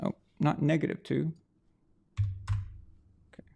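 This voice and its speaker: Hosting a casual live stream, a man runs a prize draw, rambling loosely and chatting directly to his viewers. His fairly high voice is gravelly and dark, with a level tone and slow pace.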